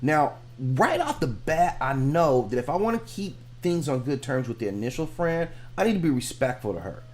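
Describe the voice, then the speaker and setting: Lively-voiced man ranting casually. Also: mid-range voice, normal speed, hardly any pauses. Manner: frank, rambling, repeats himself. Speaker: reaction video host. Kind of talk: casual commentary.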